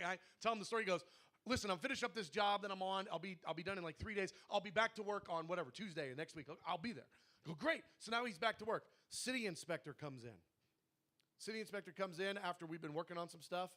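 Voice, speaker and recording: Male prayer leader, high bright voice, lively storyteller who acts out dialogue, testimony to a congregation. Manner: animated storytelling, acting out quoted dialogue.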